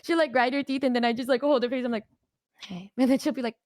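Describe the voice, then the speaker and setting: A woman's voice: high voice, fairly even intonation, a little mellow, no echo. Young woman rambling, close dry sound. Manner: self-deprecating, swearing, fast rambling. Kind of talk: casual chat.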